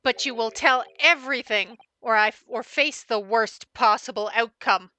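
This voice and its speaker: A woman's voice: on the high side, moderate pace, pushed and bright. A woman putting on a scolding French gang boss. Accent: put-on French. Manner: scolding, haughty.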